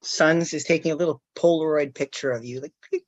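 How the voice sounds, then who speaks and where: A man co-hosting a comedy show, tossing in quick quips. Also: a little high, no echo, lo-fi sound. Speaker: co-host. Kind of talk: comedy banter.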